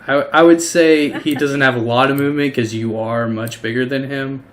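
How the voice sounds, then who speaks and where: A man's voice: mid-range voice, steady tone, normal speed, a crowd in the background. A man narrating a tabletop game as game master, casual and hesitant with many fillers.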